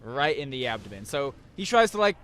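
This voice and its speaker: A man's voice: mid-range voice, big pitch swings, fairly quick, a bit bright. A young man hosting a casual chat, rambling through a recap with many restarts and fillers. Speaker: podcast host.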